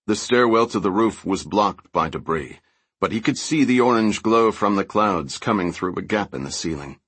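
A man narrating an audiobook with steady, even storytelling. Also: fairly low pitch, normal speed, breathy edge, no room sound. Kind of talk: scripted narration.

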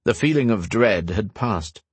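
A man reads a fantasy novel aloud with measured storytelling. His voice is low and husky, and the sound is dry and close. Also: lively intonation, no echo. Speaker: audiobook narrator. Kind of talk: scripted narration.

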